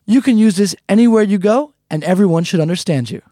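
High-voiced male lesson host. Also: fast talker, dark tone, dry recording, clean studio sound. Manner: patient, explanatory, breaks words down step by step. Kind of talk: scripted lesson instruction.

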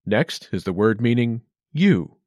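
A man hosts a short language lesson with a clear, upbeat instructional delivery. His pitch swings lively through each phrase, and his voice sounds close and dry, with no room around it. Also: measured pace, no room sound. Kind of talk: scripted lesson narration.

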